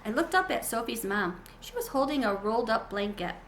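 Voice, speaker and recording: A woman reads a children's chapter book aloud, gentle and expressive. Her voice sits a little high and sounds bright and clear. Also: brisk, a little hiss or hum. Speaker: storybook reader.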